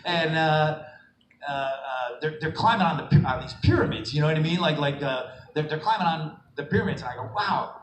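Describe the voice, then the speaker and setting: A man's voice: a little high, a little fast. A middle-aged man answering fan questions at a convention panel, laughing and acting out the people in his stories. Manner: animated, laughing, acts out quotes. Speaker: panel guest voice actor. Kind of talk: convention Q&A storytelling. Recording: echoey hall recorded from far off on a phone, noisy.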